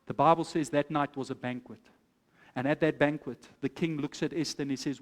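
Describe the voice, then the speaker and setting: A man's voice: fairly high pitch, fairly even intonation, fairly quick, in a large hall. A man, a pastor preaching a sermon, telling the story and exhorting his congregation.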